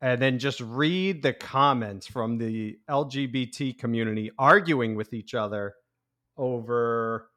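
A man's voice: mid-range voice, a little slow, bright, forceful tone. A man co-hosting a casual podcast in an easygoing manner, laughing along with the others. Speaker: podcast co-host.

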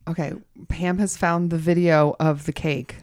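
A woman hosting a casual interview chat, lively and expressive, swearing casually. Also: sits low, measured pace. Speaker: podcast host.

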